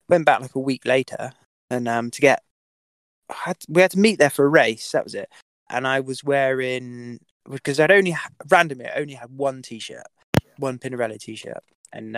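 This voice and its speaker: Gravelly man telling a rambling story. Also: medium pitch, dry recording. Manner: rambling, many fillers and restarts, swears. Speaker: podcast guest, cyclist. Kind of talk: casual storytelling.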